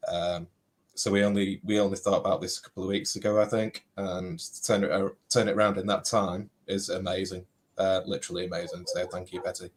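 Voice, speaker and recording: A man's voice: sits low, level tone, brisk. A man with a thick Yorkshire accent casually hosting an online panel, chatty and full of thanks. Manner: chatty, thankful, lots of fillers. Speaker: host.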